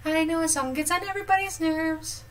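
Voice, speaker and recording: A woman's voice: very high-pitched, brisk, fairly bright tone, low-quality recording. A woman in her thirties giving a casual, chatty tarot reading and laughing often. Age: 30s. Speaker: tarot reader.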